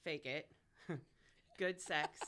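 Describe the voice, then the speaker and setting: A woman's voice: deep voice, extremely slow. A woman in her forties, a radio host as a guest, chatting casually and telling frank, profane stories with frequent laughs. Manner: lively storyteller, frank and profane, laughs often. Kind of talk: casual chat.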